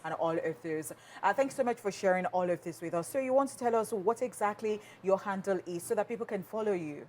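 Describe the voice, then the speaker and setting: A woman co-hosting a TV chat show, excitable and quick to laugh as she questions a guest. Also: medium pitch, slight background noise. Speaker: talk show co-host. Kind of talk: casual interview chat.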